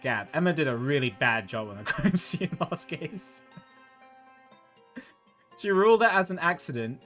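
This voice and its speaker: A man's voice: fairly high pitch, lively intonation, unhurried, a bit bright, soft background music. A male streamer commenting casually on a game he plays, chatty and teasing, laughing often.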